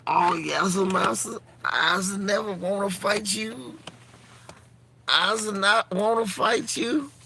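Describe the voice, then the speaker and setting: Man playing a fawning servant, high and whiny, pleading, noisy outdoor background. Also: slow pace, gravelly, bright, forceful tone, exaggerated voice. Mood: groveling.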